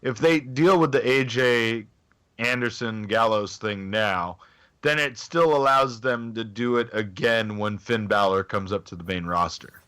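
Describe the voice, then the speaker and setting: Male podcast co-host, bright, sharp-toned voice, eager, casual chat delivery. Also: fairly low pitch, measured pace, clear, resonant tone. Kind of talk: casual chat about wrestling.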